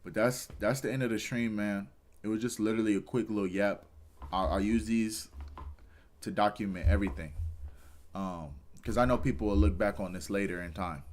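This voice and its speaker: A man's voice: on the low side, moderate pace, a little mellow. A tired young man, a streamer giving a rambling, earnest motivational talk and swearing casually. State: tired, yawning.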